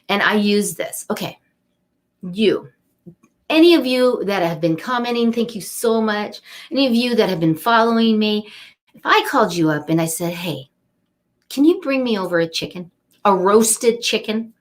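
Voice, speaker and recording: A middle-aged woman giving an inspirational card reading on a webcam live stream, chatty and upbeat, speaking straight to her viewers. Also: mid-range voice. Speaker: angel card reader.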